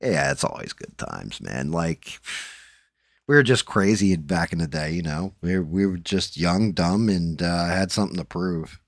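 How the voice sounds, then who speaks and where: Middle-aged male host, low voice, dry close sound, profane casual storyteller. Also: animated, unhurried, no room sound. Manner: profane, rambling, loud laughs. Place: home streaming setup.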